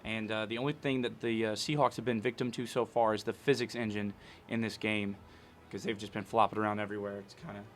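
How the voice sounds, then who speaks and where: A young man co-hosting mock sports commentary, making dry, quiet asides. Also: lowish voice, flat delivery, fast talker, slight background noise. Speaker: co-host.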